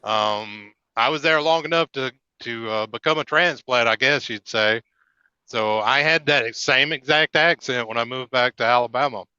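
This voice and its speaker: A man with a Southern accent chats casually as a trucker on a live stream, halting and restarting as he goes. His voice is bright and smooth. The sound is dry and a little dull. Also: medium pitch, no echo. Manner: rambling, halting with fillers and restarts. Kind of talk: casual chat.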